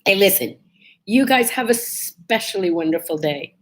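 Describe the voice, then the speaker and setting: A woman hosting a casual morning vlog, telling a personal story in a chatty, animated way and feeling a bit under the weather. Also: mid-range voice, moderate pace. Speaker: vlog host.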